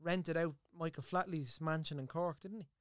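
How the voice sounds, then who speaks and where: An Irish man hosting a casual chat, an animated storyteller who swears casually. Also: a little high, moderate pace, a crowd in the background. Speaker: podcast host and impressionist.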